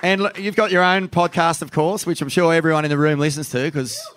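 A man, hosting a live podcast in a relaxed, matey way. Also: fairly high pitch, fairly quick, a little hiss or hum. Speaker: host.

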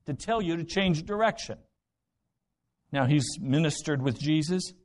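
A man's voice: a little high, animated, measured pace. A man preaching a sermon, retelling Bible stories with dramatic voices and rhetorical questions. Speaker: pastor.

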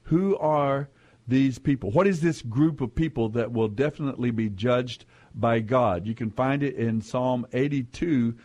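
A man's voice: medium pitch, unhurried, lo-fi sound. Laid-back guy hosting a call-in radio quiz, chatty, lots of uhs. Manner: relaxed, chatty, with fillers and chuckles. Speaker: radio quiz show host. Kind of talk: casual radio call-in talk.

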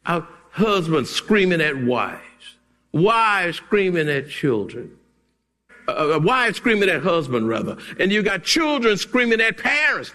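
A male pastor preaching a sermon emphatically, breaking into shouts and chuckles. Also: high-pitched, big pitch swings, moderate pace, in a large hall. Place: church sanctuary.

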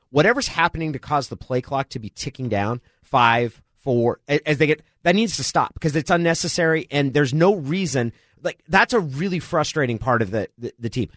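A middle-aged man co-hosting a sports radio show, talking through football strategy in a measured, analytical way. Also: medium pitch, fairly bright tone, no room sound, studio quality. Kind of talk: casual sports talk.

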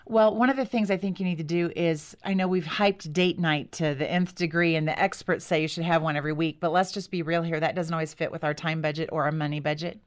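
A woman in her thirties, a guest author, telling personal stories in a lively conversational interview and acting out the lines she quotes. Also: deep voice, fast talker, hardly any pauses. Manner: animated, acts out quoted lines.

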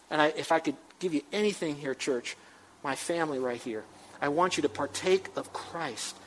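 Guy pastor preaching a sermon, kinda high voice, gets loud and pushy with questions. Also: animated, moderate pace, slight background noise, low-quality recording. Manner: emphatic preaching, rising to urgent questions.

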